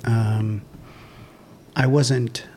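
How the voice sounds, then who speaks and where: A man's voice: medium pitch, flat delivery, very slow, mellow, slight background noise. A man, a pastor, answering interview questions in a modest, thoughtful way. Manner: modest, thoughtful, hesitant fillers.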